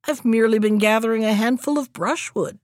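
A woman's voice: on the high side, fairly quick, darkish tone, no echo, studio quality, close to an everyday voice. A woman voicing a huge, modest strong man in a storybook reading, speaking offhandedly. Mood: offhand.

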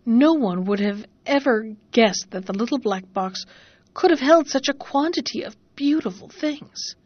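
A woman narrating a fairy tale in a measured, expressive reading voice. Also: fairly high pitch, no room sound, lo-fi sound. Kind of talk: storybook narration.

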